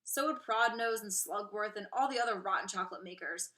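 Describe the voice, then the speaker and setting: A teacher reads a children's novel aloud in a clear, expressive storytelling voice. Her tone is bright and ringing, and she keeps a mid-range pitch through the narration. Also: brisk, hardly any pauses.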